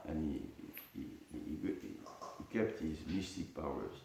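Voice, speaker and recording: A man giving a scripture class in a temple hall, halting and repeating words, with many fillers. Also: very deep voice, lively intonation, vocal fry, dark tone. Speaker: lecturer on scripture. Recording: distant echoey hall mic, faint noise.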